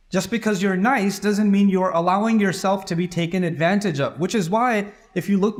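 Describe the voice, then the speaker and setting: A middle-aged man preaching a sermon in a conversational, storytelling way, acting out little dialogues and saying Arabic terms fluently. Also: high voice.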